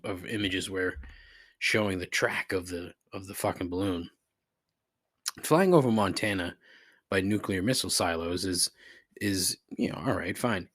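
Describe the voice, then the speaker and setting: A man with a low, husky voice delivers a sarcastic, profanity-laced solo podcast rant. His pitch leaps up and down as his exasperation builds. The sound is dry and close to the mic. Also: a bit bright, no room sound. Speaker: podcast host.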